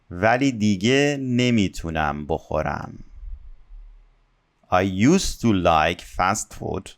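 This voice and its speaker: Slow-explaining male teacher. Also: low-pitched. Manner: reads Persian examples quickly, then explains slowly in English. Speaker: Persian language teacher. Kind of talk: language lesson, explaining example sentences.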